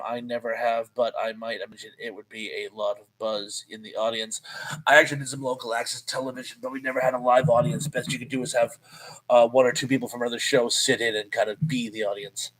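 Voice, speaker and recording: A man's voice: mid-range voice, a bit bright, low-quality recording. A man in his fifties hosting a live stream in a casual, chatty way, reading viewer comments aloud and laughing often. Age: 50s.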